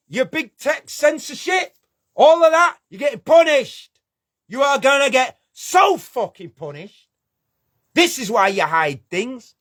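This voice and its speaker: A man's voice: extremely high pitch, a bit bright. A man ranting angrily to camera, swearing and confrontational. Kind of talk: angry video rant.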